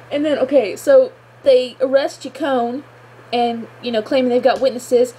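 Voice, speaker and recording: A woman's voice: sits high, dark tone, slight background noise, low-quality recording. A woman reviewing a show episode in a gushing, exclamatory chat full of filler words. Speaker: fan reviewer.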